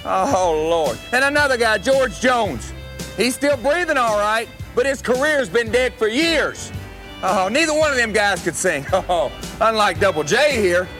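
A man's voice: sits high, lively intonation, measured pace, bright, forceful tone, voice pushed up, heavily acted. A man playing a cocky, boastful country singer wrestling villain in a promo clip, bragging and spelling out his own name. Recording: archive clip with music bed.

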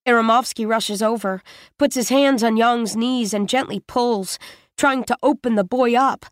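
A woman reading a first-person story aloud in a measured, steady way. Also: fairly high pitch, no echo, studio quality. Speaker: audiobook narrator.

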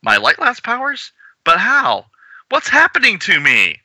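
A man's voice: medium pitch, measured pace, bright, forceful tone, dry recording. A man voicing a defiant young female superhero, raising his voice well above his own. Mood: alarmed.

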